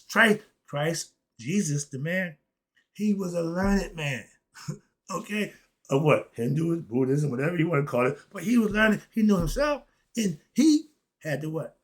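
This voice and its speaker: A man delivers a preachy spiritual lecture, putting questions to his listeners and answering them himself. His voice sits a bit high and sounds husky. He drops into quiet asides, then breaks into loud, excited bursts. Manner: preachy, talks straight at the audience, asks and answers his own questions. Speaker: host.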